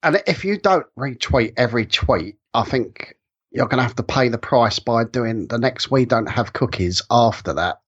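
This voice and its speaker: A man's voice: medium pitch, animated, normal speed, fairly bright tone, husky, dull audio. A man with an English accent, a guest on a casual podcast, good-humored and rambling. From England.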